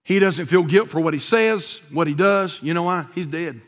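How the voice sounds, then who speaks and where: A man preaching a sermon in a church, swinging from hushed asides to shouted appeals. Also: on the high side, moderate pace, in a large hall. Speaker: pastor. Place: church sanctuary.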